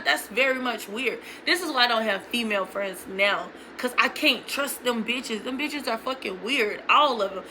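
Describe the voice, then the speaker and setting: A woman's voice: a little high, a little slow, few pauses, pushed and bright, slight background noise, low-quality recording. A young woman vlogging a casual storytime, retelling it bluntly with lots of profanity.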